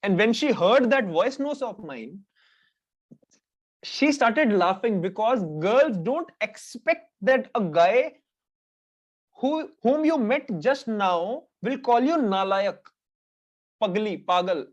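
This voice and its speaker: Brisk Indian-accented male dating coach. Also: high-pitched, muffled recording. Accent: Indian English. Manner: brisk, animated, mixes Hindi slang into English. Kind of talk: coaching lesson to camera.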